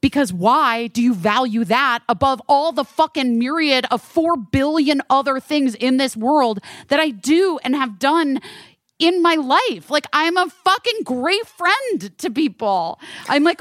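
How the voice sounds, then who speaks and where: A podcast co-host in her thirties spins an animated story in casual chat, performing people's quotes and swearing freely. She speaks unhurriedly in a high-pitched voice, captured in studio quality with no room sound.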